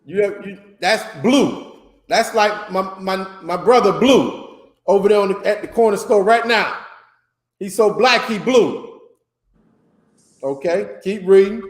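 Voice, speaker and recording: A man from Florida leads an informal religious class with a high voice. He speaks in loose, rambling, emphatic street talk. The room around him is echoey. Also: unhurried, long pauses. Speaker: teacher.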